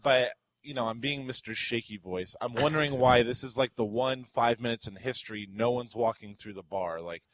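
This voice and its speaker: A young man co-hosting a podcast, telling a story in casual chat and acting out the quotes with loud, rising outbursts. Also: medium pitch, moderate pace, hardly any pauses, poor audio. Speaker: podcast co-host.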